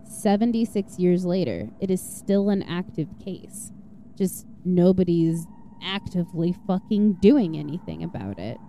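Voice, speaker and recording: Profane, mellow-voiced true-crime podcast woman. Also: fairly low pitch, expressive, measured pace, a little hiss or hum. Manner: profane, blunt, sarcastic asides. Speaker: podcast host. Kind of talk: casual true-crime storytelling.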